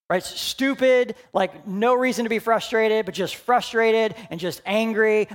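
A man in his forties, a pastor, delivers a candid, conversational sermon that shifts between loud emphasis and hushed, quiet stretches. His voice is high, his pace moderate, and he pauses rarely.

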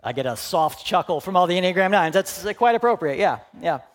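Animated, joking male pastor preaching. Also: sits high, fairly quick. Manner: animated and humorous, dropping to hushed earnest asides. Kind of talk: sermon.

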